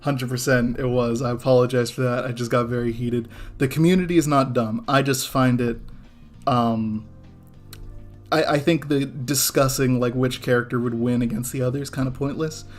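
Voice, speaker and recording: A man's voice: medium pitch, fairly even intonation, moderate pace, faint music behind. A man ranting casually on a live drawing stream, getting heated, swearing and stumbling over restarts before apologizing. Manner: heated, swearing, many restarts and self-corrections. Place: home studio with background music.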